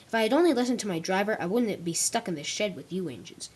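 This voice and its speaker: A woman's voice: medium pitch, expressive, fast, a little mellow, slight background noise, close to an everyday voice. A woman voicing a proud male express engine who sounds sheepish and defensive. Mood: ashamed.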